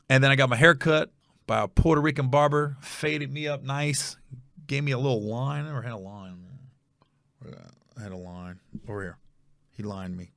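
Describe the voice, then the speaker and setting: A man hosting a comedy podcast, telling a story in a casual, animated, rambling way with many restarts. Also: mid-range voice, dry recording, studio quality.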